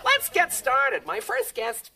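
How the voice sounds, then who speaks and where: Playing a male talk-show host in a comedy sketch, a woman lands joke after joke in an upbeat manner. She speaks slowly in a high voice with huge pitch swings, and her delivery is heavily acted. The audio is a noisy TV studio broadcast with an audience present.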